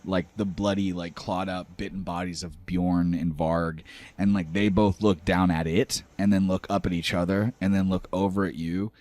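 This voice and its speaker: Deep-voiced man running a tabletop game. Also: no echo. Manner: loose, filler-heavy narration. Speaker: game master.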